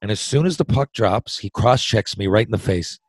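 A man with a Newfoundland accent and a fairly low voice spins a long story as a podcast guest. He rambles, doubles back on his words and drops a casual curse here and there. The sound is close and dry, with no room around it. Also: animated, normal speed, slightly rough, dry recording, rough recording. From Newfoundland, Canada. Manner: rambling, self-interrupting storyteller who swears and laughs easily. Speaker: podcast guest, former hockey player.

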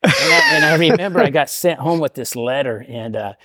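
A man's voice: a little high, wildly swooping pitch, fairly quick, pushed and bright, no echo, clean studio sound. A middle-aged man from the United States in casual storytelling, rambling and self-deprecating, often tagging "right?" onto his sentences. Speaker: podcast guest sharing recovery story. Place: podcast studio.

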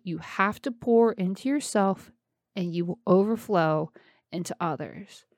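Chatty thirty-something woman giving pep talk, mellow warm voice, dry close sound. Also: lowish voice, measured pace, dry recording. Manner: chatty, encouraging, addresses listeners directly. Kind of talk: casual self-care talk.

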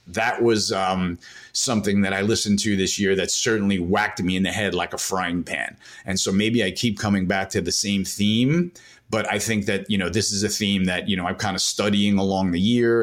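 A man with a lowish voice talks through markets on a podcast. He rambles and stacks up fillers, but he pushes his points hard. It is loose, casual conversation. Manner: rambling, emphatic, many fillers. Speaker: guest macro analyst.

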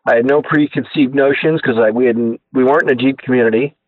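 Animated male guest over a tinny phone line. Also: medium pitch, fast. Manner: animated storyteller who acts out quoted voices. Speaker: guest inventor. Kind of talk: casual storytelling interview.

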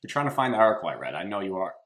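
A man hosting a casual sports talk show, telling stories in an animated way and laughing as he talks. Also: deep voice, rapid-fire. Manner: animated storytelling, laughs while talking. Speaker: podcast host.

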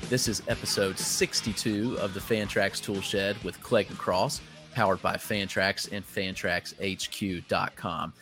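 A man with a Southern US accent hosting a podcast, running through the show's housekeeping in a brisk, upbeat way. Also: sits low, steady tone, a bit bright, soft background music. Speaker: podcast host. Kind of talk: casual chat.

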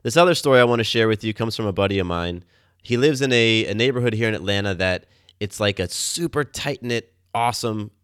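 A man hosting his own podcast, telling warm everyday stories in a casual, upbeat, enthusiastic way. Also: fairly low pitch, no echo, studio quality. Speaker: podcast host. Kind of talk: casual storytelling monologue. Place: Atlanta, USA.

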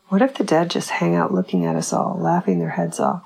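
Female audiobook reader, dry measured delivery, low voice with fry. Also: huge pitch swings, a little mellow, rough recording. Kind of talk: reading a literary short story aloud.

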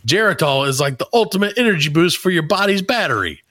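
A man hamming up an overeager TV pitchman. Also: lively intonation, fast, bright, forceful tone, no echo, studio quality. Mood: salesy. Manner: hammy sales patter. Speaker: ad reader. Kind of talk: mock commercial read.

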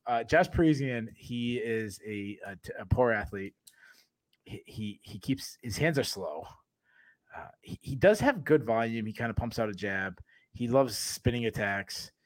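A man's voice: mid-range voice, unhurried, no room sound. A man co-hosting a podcast, telling rambling stories in casual chat and laughing often between sentences. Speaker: podcast co-host.

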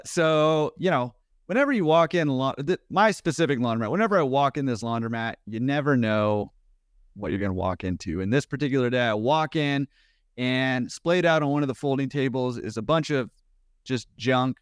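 A man who owns a laundromat, guest on a podcast, telling a story with energy and a quick pace. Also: mid-range voice, smooth, no echo, studio quality. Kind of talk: storytelling anecdote in a podcast interview.

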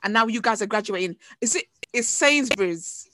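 A woman's voice: medium pitch, animated, moderate pace, background noise. A woman from England co-hosting a podcast, chatting casually and ranting bluntly about her opinions. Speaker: podcast co-host. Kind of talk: casual chat.

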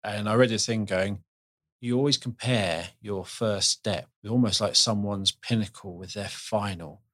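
Low-voiced man with a dry, close sound. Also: a little slow, a bit bright, no room sound. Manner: earnest, rambling, restarts his sentences. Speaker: podcast host. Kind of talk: casual podcast conversation.

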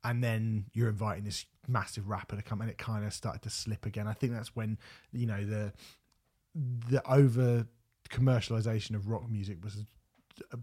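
A man's voice: fairly low pitch, fairly even intonation, normal speed, dark tone, slightly rough. A man hosting a music podcast, talking in a rambling, sweary, casual way. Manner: rambling, sweary, many restarts. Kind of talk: casual chat.

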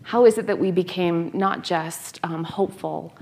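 A woman in her thirties from North America, a scholar and author telling stories in an interview, animated, laughing and restarting her sentences often. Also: on the low side, normal speed, vocal fry, a little hiss or hum. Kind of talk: conversational interview.

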